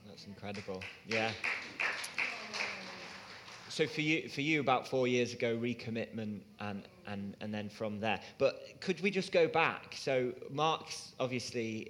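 A man's voice: mid-range voice, fairly bright tone. Friendly male interviewer, faint background hum. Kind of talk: interview questions.

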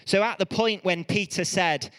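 A man preaching a sermon, telling stories in a lively way and often correcting himself mid-sentence. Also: high voice, clear, resonant tone, in a large hall. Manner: lively storytelling with quick self-corrections.

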